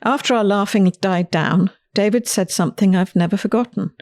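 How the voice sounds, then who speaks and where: A woman's voice: medium pitch, fairly quick, a little mellow, dry recording. Woman host telling a story, dry sound. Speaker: host and author. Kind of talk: scripted personal storytelling.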